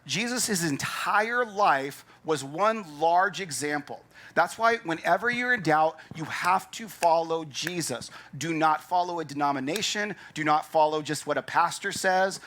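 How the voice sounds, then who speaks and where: A man preaching a sermon as pastor, emphatic and conversational, acting out his listeners' doubts. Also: on the high side. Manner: animated, acts out doubting listeners' thoughts.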